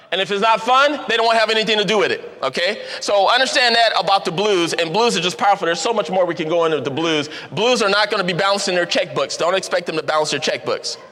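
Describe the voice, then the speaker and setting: A man with a high, bright voice works the room with an energetic, joking motivational seminar talk. He repeats key phrases for emphasis. His voice rings out with the long reverb of a large event hall. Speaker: seminar speaker.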